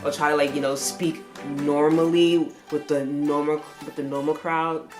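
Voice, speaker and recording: A woman's voice: low-pitched, little pitch movement, normal speed, over music. A young woman reviewing a manga in a casual spoken way, full of "like" fillers. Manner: chatty, heavy use of "like" fillers.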